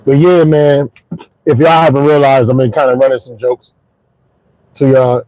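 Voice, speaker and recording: A man in his forties, a comedian hosting his podcast, telling jokes in a stand-up storytelling monologue with punchy, shouted punchlines, recorded in his car on the drive home. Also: mid-range voice, level tone, normal speed, long pauses, no room sound, low-quality recording. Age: 40s.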